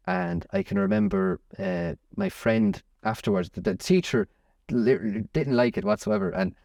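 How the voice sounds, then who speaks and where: A young Irish musician chatting in an interview, rambling with many restarts. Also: male voice, lowish voice, very animated, normal speed, creaky, a little mellow, dry recording, studio quality, distant mic. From Ireland. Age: young adult. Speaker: musician guest. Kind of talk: casual interview chat.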